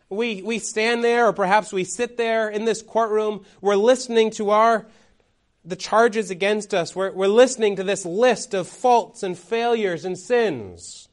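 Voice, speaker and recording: Man preaching with dramatic swings. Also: high-pitched. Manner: dramatic storytelling, swings between loud and hushed. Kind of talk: sermon.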